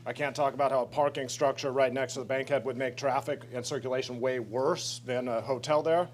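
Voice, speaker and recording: A man's voice: mid-range voice, fairly even intonation, brisk. An American man giving an impassioned, confrontational public comment at a council meeting.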